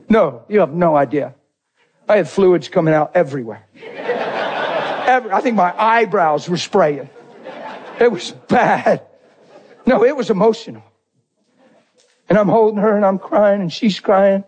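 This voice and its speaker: Emotional male preacher with a husky, slightly high voice. Storytelling sermon. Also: unhurried, long pauses, darkish tone. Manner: emotional storytelling preacher, unrehearsed, talks to the congregation. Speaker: pastor.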